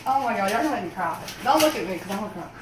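A young woman, joking loudly and exclaiming at her own surprise party, filmed on a phone at an indoor workplace. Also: medium pitch, animated, very fast. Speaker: birthday guest of honor. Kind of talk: casual party banter. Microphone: phone camera across the room. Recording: roomy, distant phone video with noise.

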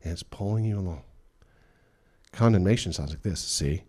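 Pastor guy preaching, deep warm voice, really emphatic. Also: brisk. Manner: emphatic, acts out quotes. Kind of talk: sermon. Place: church.

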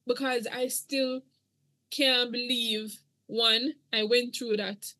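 A woman's voice: fairly high pitch, steady tone, slow pace, pushed and bright, dry recording. A middle-aged woman, earnestly telling her own story as a podcast guest. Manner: earnest, emotional, church-toned. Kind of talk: podcast interview testimony.

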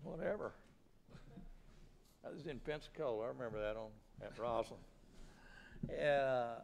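A man's voice: mid-range voice, expressive, a little slow, vocal fry, long pauses, darkish tone. A male pastor preaching a sermon in a folksy, plain-spoken way, asking the congregation rhetorical questions.

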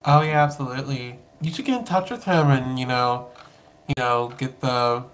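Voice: mid-range voice, moderate pace. A podcast host interviewing a guest over a call, playful and effusive, cracking jokes and gushing.

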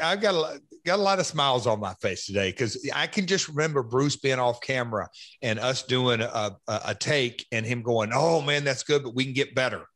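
Man, middle-aged, casual podcast chat, animated, mid pitch. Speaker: podcast host and former wrestler.

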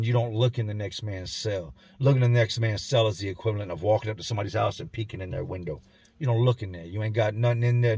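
A man with a husky, low voice telling a grim story from his own life. His delivery is somber and intense and often sinks to a hush. The sound is dry and close, as if recorded indoors at home. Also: no room sound. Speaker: storyteller and channel host. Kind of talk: first-person storytelling.

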